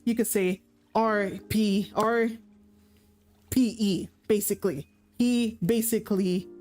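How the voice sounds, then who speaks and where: A woman streamer ranting through a story recap in a loose, profane, self-correcting style. Her voice sits at a middle pitch for a woman. Faint background music plays under her voice. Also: darkish tone. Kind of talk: casual story recap rant.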